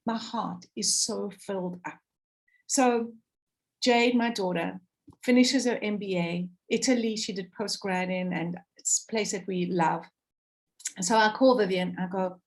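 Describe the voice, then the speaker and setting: At a measured pace, a South African woman with a medium-pitched, slightly mellow voice shares an emotional story over a video call. She's impassioned, voicing what others said, her tone swinging high and low for the listeners.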